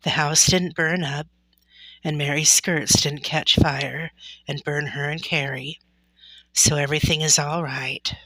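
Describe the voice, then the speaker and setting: A woman voicing a gentle, calm pioneer mother in a storybook reading, soft and reassuring. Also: sits low, measured pace, no echo, full character voice, rough recording.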